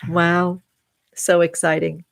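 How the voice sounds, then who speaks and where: A woman hosting a casual tarot reading livestream from home, effusive and drawn-out, calling her viewers sweet names. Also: on the low side, monotone, gravelly, no echo. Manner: effusive, slow and drawn-out, affectionate terms for viewers. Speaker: tarot reader and channel host.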